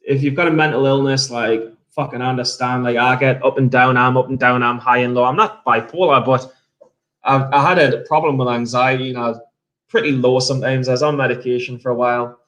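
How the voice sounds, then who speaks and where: A man's voice: mid-range voice, steady tone, a little fast, a bit bright. A man live-streaming his trading, chatting casually while drinking whiskey, rambling and swearing between jokes. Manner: rambling, profane, joking. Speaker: day-trading livestreamer. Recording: roomy echo.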